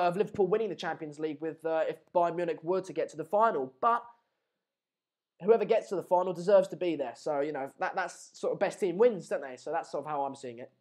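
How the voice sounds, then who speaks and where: Energetic, jokey young man. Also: high-pitched. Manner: rambling, jokey, self-mocking. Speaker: live stream host. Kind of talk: casual live match chat commentary.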